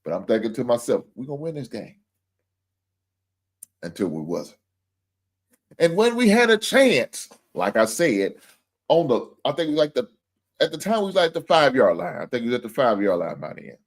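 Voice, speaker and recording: A man's voice: mid-range voice, huge pitch swings, moderate pace, pauses often. A man hosting a livestream sports show, venting with profane, heated talk about his team's loss and calling out viewers directly. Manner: addresses viewers and super chat senders directly.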